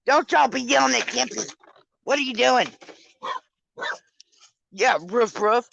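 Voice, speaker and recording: A woman with a drawl talks in an unhurried, drawn-out way on a phone livestream, her hiccups breaking in as she rambles and swears at herself. Her voice is bright and fairly high, recorded dry and a little dull. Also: vocal fry, no echo. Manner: rambling, swearing, self-mocking. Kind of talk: casual tipsy livestream chat.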